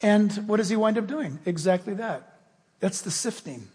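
A male preacher delivers a lively, conversational sermon, his high voice swinging widely in pitch. His tone is gravelly, and a long reverb hangs in the large church hall. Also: moderate pace. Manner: animated, conversational, acts out the story characters.

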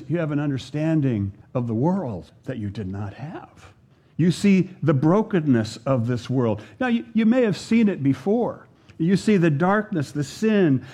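A male pastor delivers a sermon in an unhurried, earnest way, with long dramatic pauses. His voice is warm and mellow and sits a little high for a man. He stresses each scripture line slowly. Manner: earnest, slow preaching with dramatic pauses and emphatic scripture readings.

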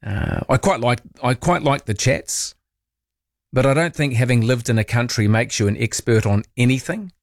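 A man's voice: medium pitch, lively intonation, vocal fry, no echo, clean studio sound. A man with a New Zealand accent hosting a call-in radio show, chatting wryly about his callers. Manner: chatty, wry, quick to comment on callers. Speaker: talk radio host. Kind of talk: late-night call-in radio chat. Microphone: studio microphone.

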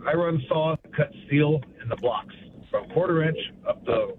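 A man's voice: a little high, expressive, unhurried. A man calling in to a radio show, answering plainly in short replies. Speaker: caller, steel plant saw operator. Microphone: phone. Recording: phone line with noise.

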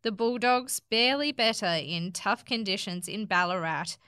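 A woman reads sports headlines and reports aloud with a bright, crisp, smooth voice, now and then restarting a word. The recording is dry and close, with no echo. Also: mid-range voice. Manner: brisk headline reading with small restarts. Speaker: news reader. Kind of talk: reading news articles aloud.

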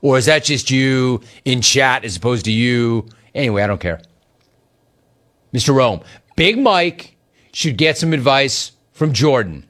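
A sports talk show host reads chat messages aloud while teasing rival fans with a laughing, mocking manner. His voice is medium in pitch, expressive, unhurried, and a bit bright, typical of sports talk radio commentary.

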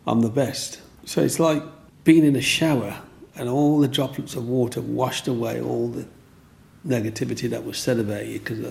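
Gravelly older Englishman, rambling. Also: medium pitch, darkish tone, slight background noise. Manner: rambling, with restarts and "you know what I mean". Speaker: interviewee. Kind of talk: storytelling.

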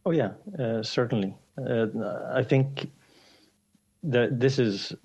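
A man's voice: mid-range voice, takes it slowly, a little mellow, slightly rough. A man answering interview questions as an economics professor, hesitant with many fillers, over a breaking-up remote line.

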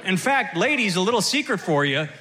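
A male stand-up comic with a high voice that swings widely in pitch. His delivery is punchy and wry, and a noisy live recording sits under his voice. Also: big pitch swings, fairly quick, a crowd in the background. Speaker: stand-up comedian. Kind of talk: stand-up comedy.

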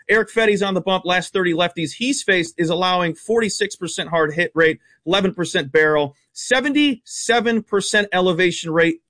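A man as a sports betting analyst guest on a radio show, rattling off stats in a blunt, animated way. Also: sits high, no room sound. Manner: fast, blunt, stat-heavy, animated. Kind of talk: casual radio sports talk.

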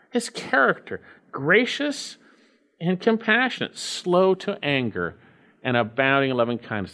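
A man's voice: on the high side, fairly bright tone. Emphatic preacher, a man with a raised voice. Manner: emphatic, repeats key phrases. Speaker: pastor. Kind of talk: sermon with scripture reading.

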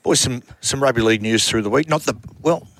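Fast-talking Australian radio host. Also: male voice, medium pitch, fairly bright tone. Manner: quick, chatty, fond of jokes. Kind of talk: casual radio banter.

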